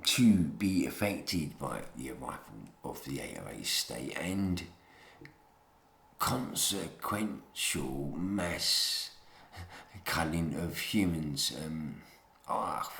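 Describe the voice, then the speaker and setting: Brief: man, slow, sweeping pitch, contemptuous rant, roomy echo. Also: gravelly, a bit bright. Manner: bitter, contemptuous ranting with repeated "mate". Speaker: speaker giving a talk. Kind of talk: ranting monologue. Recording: echoey room.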